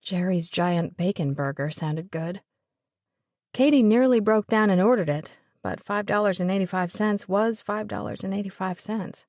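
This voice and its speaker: A woman narrating a romance audiobook in an even, measured way. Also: mid-range voice, no room sound, studio quality. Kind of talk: scripted narration of a romance novel.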